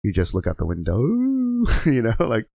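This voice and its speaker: A man's voice: sits low, lively intonation, fast, gravelly, noisy background. A man, a truck driver and guest on a podcast, telling rambling, profane stories in a casual chat and laughing as he goes. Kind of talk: casual storytelling. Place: podcast studio.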